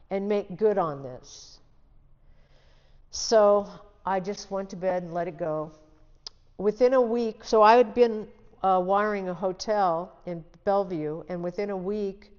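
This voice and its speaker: A woman's voice: mid-range voice, long reverb tail, highs cut off. Older woman telling a vivid story. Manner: vivid storyteller who acts out quoted dialogue; restarts and trails off mid-sentence. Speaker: interview guest. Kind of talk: personal storytelling interview.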